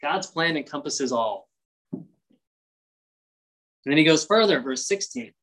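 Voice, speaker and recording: A man's voice: on the high side, lively intonation, measured pace, fairly bright tone, poor audio. A man preaching an expository sermon, reading verses and explaining them in a conversational way, sometimes acting out voices. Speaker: pastor.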